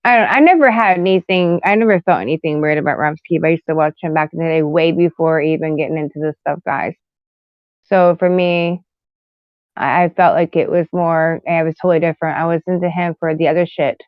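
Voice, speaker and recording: A woman's voice: low-pitched, steady tone, fairly quick, no room sound, lo-fi sound. A woman in a casual group chat, talking chattily and calling the listeners guys. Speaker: podcast participant.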